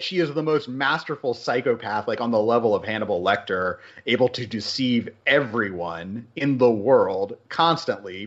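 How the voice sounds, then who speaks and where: A man hosting a podcast in a casual, rambling chat, animated and full of fillers. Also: medium pitch, muffled recording. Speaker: podcast host.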